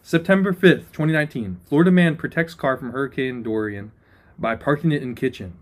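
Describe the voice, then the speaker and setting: A man's voice: medium pitch, fairly quick. A young man co-hosting a casual podcast, laughing a lot and reading odd news headlines aloud. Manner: laughing, playful, reads news items aloud. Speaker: podcast co-host.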